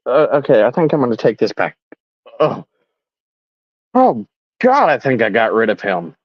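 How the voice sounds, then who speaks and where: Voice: medium pitch, animated, brisk, no echo, muffled recording. A livestream host ranting casually in a sarcastic, mocking way.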